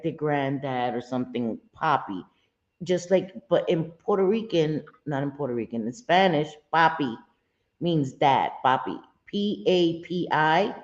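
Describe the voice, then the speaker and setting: A woman's voice: on the low side, a little mellow, lo-fi sound. Chatty middle-aged woman on a livestream. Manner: chatty, laughs often, restarts. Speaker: livestream host. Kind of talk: casual live chat.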